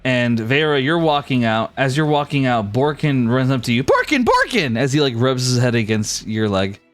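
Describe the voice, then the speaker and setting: A man's voice: medium pitch, moderate pace, soft background music. A young man narrating as game master in loose casual speech full of fillers.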